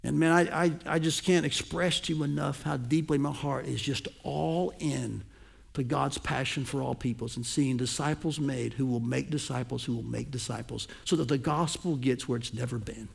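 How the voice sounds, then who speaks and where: A man preaching a sermon to his congregation as pastor, swinging between loud emphasis and hushed, intimate asides. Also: mid-range voice, fairly even intonation, moderate pace, vocal fry, slightly rough.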